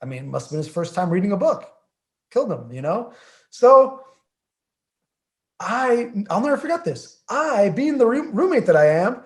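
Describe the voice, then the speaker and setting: A man in his thirties talks as a podcast guest, his voice pitched a touch high. He tells his side of a story with lively swings, slipping into quiet asides between bursts of energy. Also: normal speed. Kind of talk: casual chat.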